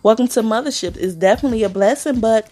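A woman's voice: fairly high pitch, fast talker, darkish tone, faint music behind. A woman hosting her own podcast, sassy and chatty about celebrity gossip, calling listeners honey and girl. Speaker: podcast host. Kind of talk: casual celebrity gossip chat.

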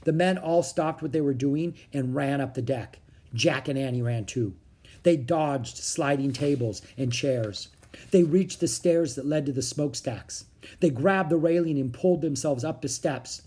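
A reader narrating a children's book in a steady storytelling manner. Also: mid-range voice, a little slow, slightly rough. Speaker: audiobook reader.

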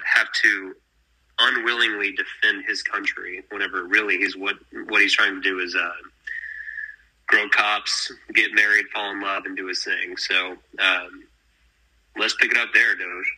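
Young Texan man, bright husky voice. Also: sits low, little pitch movement, measured pace, rough recording. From Texas. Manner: rambling, filler-heavy recaps. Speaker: podcast host. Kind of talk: casual chat.

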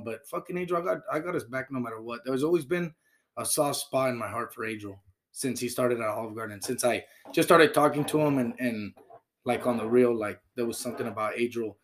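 A man's voice: mid-range voice, fast talker. A young man in casual, profane chat, praising his friends with slang and frequent laughs. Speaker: team member talking about teammates.

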